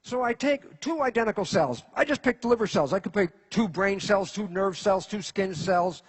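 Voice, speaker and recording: A man with a rather high, slightly husky voice lectures a live audience. He is animated, firing rhetorical questions at the crowd and building toward each point. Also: normal speed. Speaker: speaker giving a lecture. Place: in front of an audience.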